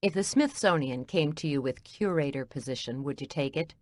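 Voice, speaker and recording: A woman's voice: low-pitched, expressive, fairly quick, darkish tone, no room sound. A woman voicing a wry, blunt older female coworker in an audiobook.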